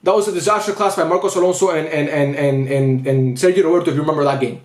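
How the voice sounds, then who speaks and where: A man's voice: on the high side, fast, echoey room. A young man ranting after a football match as a fan vlogger, frustrated and repetitive, swearing often. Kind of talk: post-match rant.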